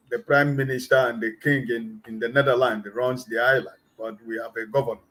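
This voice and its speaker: Calm explaining man on a panel. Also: medium pitch, poor audio. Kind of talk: online panel discussion.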